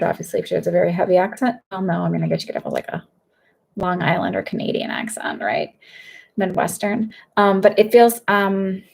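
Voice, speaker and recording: A woman psychic medium doing readings on a live stream. She reads each viewer's question aloud and then answers in a loose, rambling way, full of "um"s and restarts. Her voice has a gravelly, fried edge, at a middle pitch. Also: a little mellow. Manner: rambling and hesitant, with many fillers.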